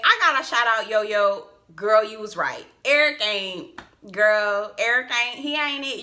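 A woman's voice: a little high, animated, a little slow, sharp tone. A young woman, recapping a reality TV episode at home in a playful, slangy vlog chat with laughing asides. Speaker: TV review vlogger. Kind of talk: casual chatty TV recap.

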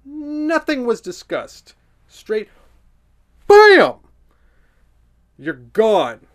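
A man's voice: very high voice, huge pitch swings, drawn-out words, a bit bright. A man reading a children's storybook aloud for comedy, with sarcastic, playful asides.

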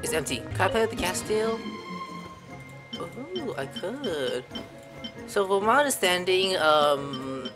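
A man's voice: high-pitched, very animated, takes it slowly, long pauses, music in the background. A man giving casual, playful gameplay commentary while chatting to the cats in the game. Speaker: gameplay video host.

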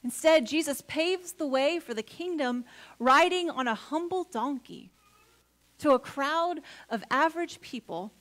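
A woman pastor preaching a sermon in a church, earnest, building to emphatic points and then dropping soft. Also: high-pitched, expressive, a little slow. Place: church sanctuary.

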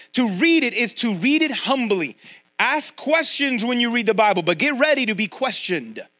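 Animated high-voiced male pastor preaching. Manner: conversational preaching, addresses congregation directly; animated, acts out quoted voices. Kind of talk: sermon.

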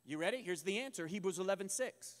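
Man, pastor, emphatic sermon, shouting at peaks, high-pitched, church hall echo. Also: expressive, fast. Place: church sanctuary. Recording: long reverb of a church hall.

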